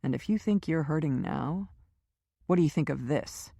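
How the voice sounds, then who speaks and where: A woman voicing a calm, quietly menacing man in an audiobook thriller. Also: fairly high pitch, normal speed, creaky, no echo, clean studio sound. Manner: calm, firm, quietly threatening.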